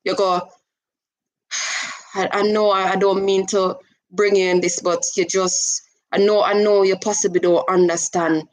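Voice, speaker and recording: A woman hosts a casual live stream, talking to a caller in an animated, coaxing way. She slips easily into patois phrasing between plain advice. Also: medium pitch, normal speed, rough recording.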